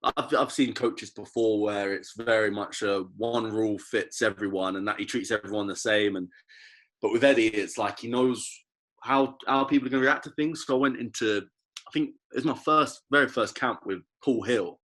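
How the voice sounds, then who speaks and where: A young English man talks in an easy, slightly low voice. He is relaxed and chatty, trips into restarts as he tells stories, and sounds like a podcast guest. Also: moderate pace. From England. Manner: relaxed, storytelling, frequent restarts. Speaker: interview guest, rugby player. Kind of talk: casual podcast chat.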